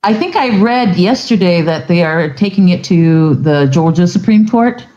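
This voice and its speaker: Blunt, lively woman from Florida. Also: fairly low pitch, normal speed, muffled recording. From Florida, USA. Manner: lively, blunt, swears freely. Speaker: guest. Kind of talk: casual conversation.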